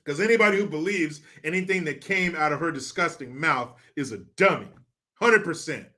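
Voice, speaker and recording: A man's voice: on the high side, animated, brisk, bright, forceful tone. A man hosting his own show, ranting through sarcastic, profane political commentary full of mockery. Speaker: show host.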